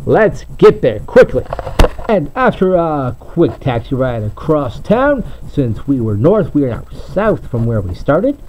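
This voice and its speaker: A man's voice: on the high side, big pitch swings, measured pace, a little hiss or hum. A man hosting a playful mock news report, speaking in a hammy, upbeat reporter voice. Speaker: host and reporter. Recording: slightly muffled home recording.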